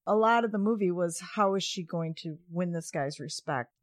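A woman's voice: fairly low pitch, moderate pace, dry recording. Earnest woman in a dry room. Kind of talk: casual chat reviewing a film.

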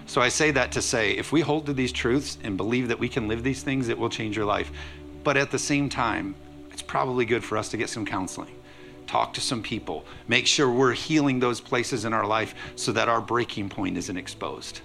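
A man preaches to his congregation in an energetic, conversational way, tossing in playful asides. His voice is bright with a gravelly edge. Faint music sits under the live church recording. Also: mid-range voice, normal speed. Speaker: pastor. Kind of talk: sermon.

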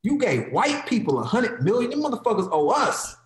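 A man's voice: high voice, big pitch swings, a little fast, roomy sound. A man in heated, profane podcast talk, mocking others in quoted voices.

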